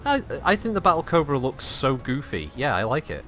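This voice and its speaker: A man's voice: medium pitch, huge pitch swings, fairly quick. A man giving casual, profane commentary while playing a game and poking fun at its voices. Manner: chatty, swears, mocks voices. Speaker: gaming streamer. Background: game music.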